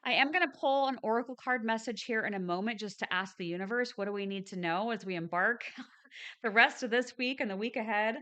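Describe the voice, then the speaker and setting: A woman's voice: fairly high pitch, fairly quick, bright, forceful tone, clear, resonant tone. A woman hosting a spiritual live stream, talking to her viewers in a chatty, upbeat way with frequent ums and restarts. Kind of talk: casual live stream chat.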